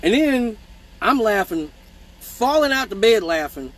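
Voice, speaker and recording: A man telling profane childhood stories in a casual live stream, animated and mimicking voices, with hiccups. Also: sits high, unhurried, low-quality recording. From Michigan. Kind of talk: casual storytelling.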